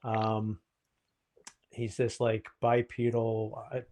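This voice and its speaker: A man's voice: lowish voice, monotone, takes it slowly, a little mellow. A man, a therapist co-hosting a podcast, explaining things in a reflective, casual way with frequent ums.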